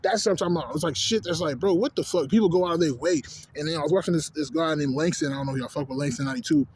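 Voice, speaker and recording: A young man rants straight to camera, swearing constantly and checking in with his viewers every few lines. His voice sits a touch higher than most men's. Faint background noise hums under him. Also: racing. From Houston, Texas. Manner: animated, heavy profanity, frequent "you know what I'm saying". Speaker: vlogger. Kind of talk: profane ranting monologue.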